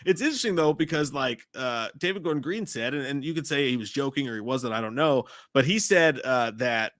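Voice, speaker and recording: A man in his thirties co-hosting a casual live movie chat, telling profane, animated stories. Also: mid-range voice, brisk, no room sound, studio quality. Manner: animated, profane storytelling with frequent laughs. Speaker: co-host of a live movie talk show.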